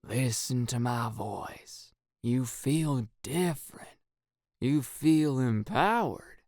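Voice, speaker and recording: A man's voice: medium pitch, no room sound, clean studio sound. A man voicing an eager teenage boy hypnotist. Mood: slow monotone. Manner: slow monotone chanting when hypnotizing.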